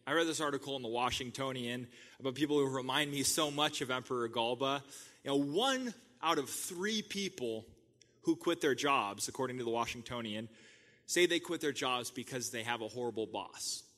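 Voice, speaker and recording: A man's voice: mid-range voice, expressive, normal speed, a bit bright, long reverb tail. A man preaching a sermon as the pastor of his church, talking in a conversational way and laughing at his own stories.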